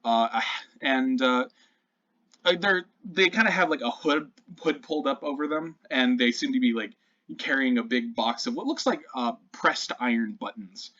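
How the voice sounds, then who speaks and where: At a moderate pace, a man with a medium-pitched, pushed, bright voice leads a tabletop game as its dungeon master. He narrates in a loose, chatty way packed with fillers, captured in somewhat dull lo-fi sound.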